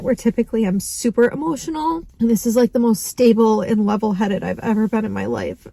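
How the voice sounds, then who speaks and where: A woman's voice: fairly high pitch, a little mellow, no room sound, poor audio. A young woman vlogging right after a medical appointment, upset and close to tears, laughing nervously as she talks. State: tearful. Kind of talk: emotional personal vlog.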